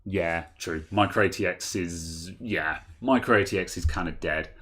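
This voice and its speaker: Low-voiced man, rambling tech chat. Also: moderate pace, a bit bright, husky. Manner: rambling, self-correcting, chuckles often. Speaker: tech podcast co-host reading super chats. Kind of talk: casual chat over a video call.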